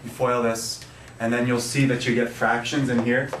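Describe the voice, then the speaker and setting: A man's voice: medium pitch, little pitch movement, normal speed, a bit bright, a little hiss or hum. A man teaching a math class, playful and upbeat, quizzing his students. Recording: echoey classroom, mic at a distance. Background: students answering.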